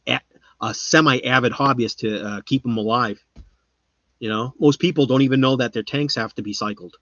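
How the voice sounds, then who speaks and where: A man hosting a live stream, chatting casually with viewers and rambling, his voice often trailing off quietly. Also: medium pitch, no room sound. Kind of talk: casual chat. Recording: slightly muffled lo-fi sound.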